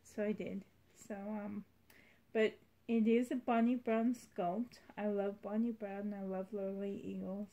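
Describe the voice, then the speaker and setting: Slow-talking woman vlogger. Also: mid-range voice, flat delivery, dull audio. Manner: rambling, heartfelt, soft-spoken. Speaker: reborn doll collector vlogger. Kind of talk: casual vlog chat.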